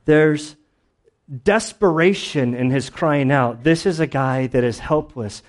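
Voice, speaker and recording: A man's voice: a little high, slow pace. A man preaching a sermon in a casual, conversational way, telling stories with lots of fillers and restarts. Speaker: pastor.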